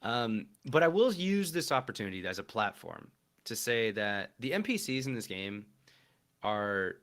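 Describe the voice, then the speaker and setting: A man co-hosting a casual podcast, critiquing a game in an animated, exasperated way with lots of filler words. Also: fairly low pitch, moderate pace. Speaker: podcast co-host. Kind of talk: casual chat about a video game.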